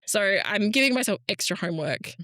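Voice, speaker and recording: Bright-voiced woman, rambling co-host. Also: mid-range voice, expressive, fairly quick, no room sound, studio quality. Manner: rambling, self-correcting. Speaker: podcast co-host. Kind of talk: casual chat.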